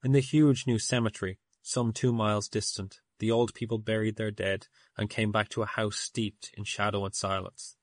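A man narrating an audiobook in a measured storytelling manner. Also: lowish voice, flat delivery, dry recording. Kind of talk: audiobook reading.

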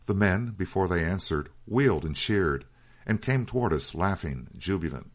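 A man narrating a written story in a measured, steady storytelling reading. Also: low voice. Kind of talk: scripted audiobook narration.

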